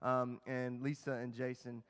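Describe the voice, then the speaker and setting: Smooth-voiced youth pastor thanking church. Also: male voice, medium pitch, level tone, a little slow, a bit bright. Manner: thankful, many "um" and "uh" fillers. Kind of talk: church announcements. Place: church sanctuary. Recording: long church hall reverb.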